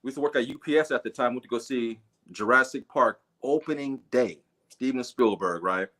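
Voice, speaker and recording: A middle-aged man telling a movie story on a casual livestream, animated and full of swearing. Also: medium pitch, brisk. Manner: animated, profane, acts out voices. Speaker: guest storyteller.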